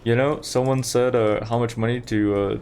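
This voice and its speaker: With fairly even intonation at normal speed, a young man rambles to chat during a game stream in casual commentary. His mid-range voice is a little mellow, and slight background noise sits underneath.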